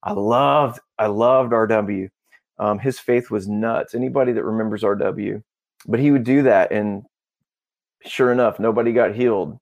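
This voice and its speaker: A man as a podcast guest, telling a story in a casual, animated way and acting out the dialogue. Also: fairly low pitch, normal speed. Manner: animated, acts out dialogue, peppers talk with "bro" and "dude".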